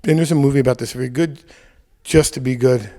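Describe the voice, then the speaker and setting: A man's voice: medium pitch, fast talker, dark tone. A middle-aged man guesting on a podcast, talking bluntly and teasingly, often jumping in with questions. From Northeastern US. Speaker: restaurant owner guest. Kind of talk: casual chat.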